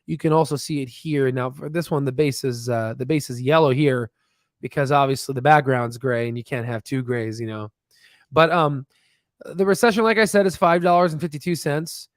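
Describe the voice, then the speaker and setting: A man's voice: mid-range voice, normal speed, dry recording, clean studio sound. A man hosting a stock channel, chatting casually and rambling with many fillers and restarts, laughing at himself. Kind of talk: casual livestream chat. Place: home desk with screen share.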